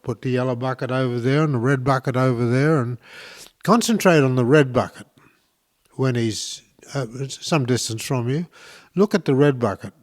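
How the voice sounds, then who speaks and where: Enthusiastic rambling male host. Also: medium pitch. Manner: enthusiastic, rambling with many fillers and restarts. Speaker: podcast host. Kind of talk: casual instructional talk.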